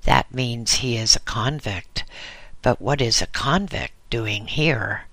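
A man reading the part of a calm, kindly old male hermit in an audiobook. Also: medium pitch, slow pace, dry recording.

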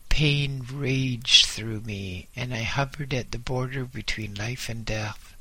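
A man narrates a first-person story with slow, grave drama. His voice has a bright, tense edge. The sound is dry and close, with no room around it. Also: mid-range voice, dry recording. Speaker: audiobook narrator.

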